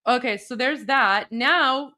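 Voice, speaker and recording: A woman co-hosting a livestream, commenting on crowd videos with excited, exclamatory reactions. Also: on the high side, slow, very noisy. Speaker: livestream co-host.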